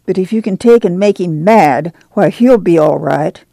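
A woman's voice: on the low side, expressive, normal speed, creaky, dark tone, dry recording. A woman reading the part of a weary but steadfast rural farm mother, homespun and firm. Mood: proud. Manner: homespun, plain-spoken, firm. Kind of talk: dramatic audiobook reading.

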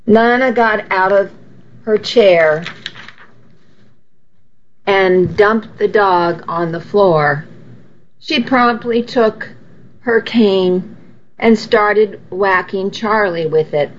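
Slow-paced woman reading a story. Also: mid-range voice, slight background noise. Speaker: audiobook reader. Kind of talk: first-person story narration. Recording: dull lo-fi recording.

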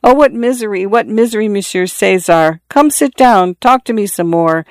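Narrator doing a heartbroken young mother, pleading, tearful, smooth clean voice, dry studio sound. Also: fairly low pitch, moderate pace, no echo, natural voice. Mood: distraught pleading. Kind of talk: audiobook character reading.

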